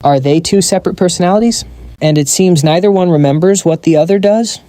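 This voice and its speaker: A man voicing a calm young male hero who speaks in a calm, puzzled way. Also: sits high, fairly quick, dry recording, clean studio sound, lightly acted.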